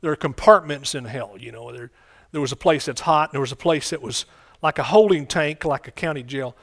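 A man's voice: medium pitch, brisk, creaky. A man preaching a sermon in a conversational way, often repeating phrases and asking the congregation questions.

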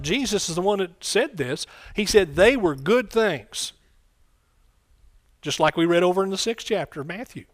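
A man preaching a sermon in a conversational way, often repeating phrases and asking the congregation questions. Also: high-pitched.

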